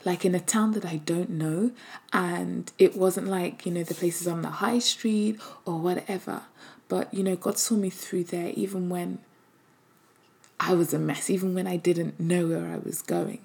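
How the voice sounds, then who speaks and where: A woman sharing a personal faith testimony, speaking softly and hesitantly, often slipping into a breathy half-whisper. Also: fairly low pitch, fairly even intonation, unhurried. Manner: hesitant, with many fillers.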